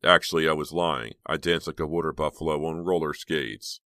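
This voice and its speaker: Charming young man, polite, relaxed, deep voice, by a male reader, audiobook. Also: brisk, dry recording, studio quality, exaggerated voice. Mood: joking. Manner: calm, polite, lightly joking.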